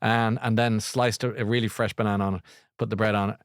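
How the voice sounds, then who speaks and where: A man's voice: on the low side, flat delivery, fast, no room sound, studio quality. A middle-aged Irish man hosting a live podcast, rambling in a chatty, easygoing way and laughing often. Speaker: podcast host. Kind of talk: casual live chat.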